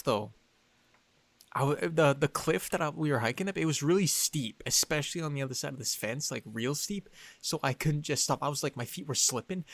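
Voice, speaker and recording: An excitable young man spins a story on a casual podcast, his voice rising and tumbling with fillers as he goes. His tone sits at an ordinary middle pitch, and the recording is dry, with no room sound around him. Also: dry recording. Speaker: podcast co-host.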